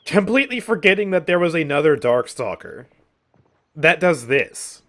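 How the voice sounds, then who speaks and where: Young man, gaming YouTuber, casual commentary, exasperated, sarcastic, animated pitch. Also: normal speed. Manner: exasperated, sarcastic, frequent laughs and sighs.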